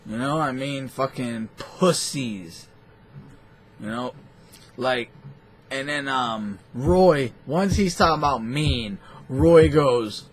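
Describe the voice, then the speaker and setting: Husky, foul-mouthed man ranting. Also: mid-range voice. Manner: foul-mouthed, animated, scornful. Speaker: boxing talk show host. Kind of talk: profane rambling rant.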